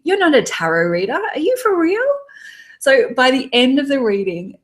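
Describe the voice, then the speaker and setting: A woman in her thirties with an Australian accent, leading a live online training for tarot readers and reading out viewers' chat comments in an upbeat, encouraging way. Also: medium pitch.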